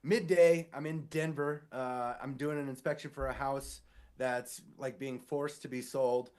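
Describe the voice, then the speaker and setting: A man's voice: mid-range voice, a little slow, smooth. A man co-hosting a podcast, telling a work story in casual chat and acting out the people he quotes. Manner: animated, acts out quoted voices. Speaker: podcast co-host; sewer inspector.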